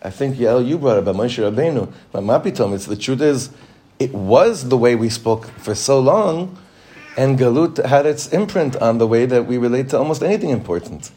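A man's voice: medium pitch, animated, normal speed, mellow. A man, a rabbi, teaching a Torah class, probing his students with questions and mixing in Hebrew terms.

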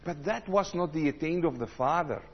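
A man preaching a sermon, swinging between loud emphatic passages and low, quiet asides. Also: moderate pace, slightly rough, muffled recording.

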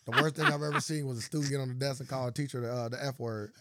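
A man's voice: medium pitch, steady tone, very fast, heavy background noise. A young man co-hosting a casual podcast, joking around in laid-back banter with frequent swearing. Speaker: podcast co-host. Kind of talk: casual chat.

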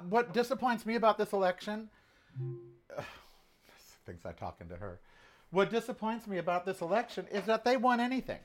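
A man's voice: on the high side, fairly bright tone, a little hiss or hum. A sixty-year-old man hosting a casual home cooking show, chatting and giving sassy, opinionated asides while he works in his kitchen. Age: 60s.

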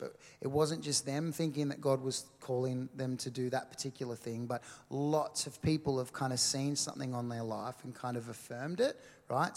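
Chatty preacher in a reverberant hall. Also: male voice, mid-range voice, creaky. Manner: conversational, filler-heavy, checks in with "right?". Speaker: pastor and worship leader. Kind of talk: sermon.

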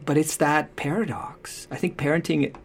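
Gravelly-voiced man giving parenting advice. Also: on the high side, fairly even intonation, moderate pace. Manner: acts out quoted voices, thoughtful and earnest. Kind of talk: conversational advice talk.

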